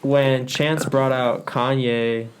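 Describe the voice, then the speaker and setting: A man's voice: medium pitch, fairly even intonation, slow pace, slight background noise. Slangy man in casual podcast chat. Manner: slangy, says bro a lot. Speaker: podcast co-host.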